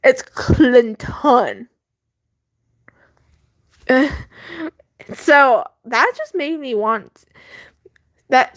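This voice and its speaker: A woman's voice: high-pitched, no room sound. A teenage girl vlogging from her bedroom, rambling about her school day with lots of fillers and giggles. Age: teens. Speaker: student vlogger. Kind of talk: casual chat. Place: bedroom at home.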